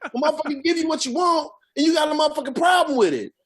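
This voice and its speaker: A man's voice: extremely high pitch, very fast, a bit bright. A man co-hosting a podcast, ranting in heated, profane casual chat. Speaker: podcast co-host.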